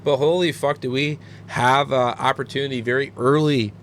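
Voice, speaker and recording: Energetic profane man breaking down fights. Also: medium pitch, moderate pace, slight background noise. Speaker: podcast co-host.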